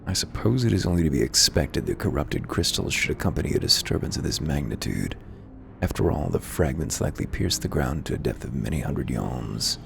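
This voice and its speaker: A man's voice: rumbling low, big pitch swings, a little fast, creaky, background noise, exaggerated voice. A man reading out a formal young male scholar's lines in a stately, archaic manner while fighting hiccups. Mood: solemn.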